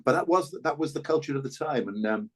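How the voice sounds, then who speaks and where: An older man, a former rugby player speaking as a podcast guest, telling stories in a halting, earnest way with many restarts. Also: medium pitch. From Wales. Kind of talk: reflective conversational storytelling.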